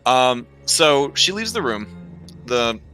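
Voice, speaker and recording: A man's voice: medium pitch, very animated, slow pace, sharp tone, soft background music. A man narrating as game master for a tabletop game, rambling with many fillers.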